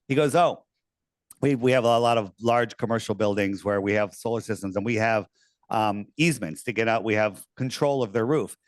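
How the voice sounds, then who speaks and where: A man telling an animated story as an interview guest, acting out quoted voices and swearing casually. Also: lowish voice, normal speed, dry recording, clean studio sound.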